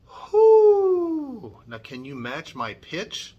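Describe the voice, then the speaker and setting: A man's voice: medium pitch, very animated, measured pace, pushed and bright, dull audio. A middle-aged man leading a children's church music lesson, upbeat and coaxing, modelling sounds for the kids.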